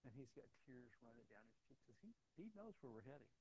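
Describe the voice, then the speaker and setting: A male pastor preaching, telling a personal story in an earnest, halting way with frequent restarts, dropping to a soft hush on key lines. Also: mid-range voice, sing-song, slight background noise, low-quality recording.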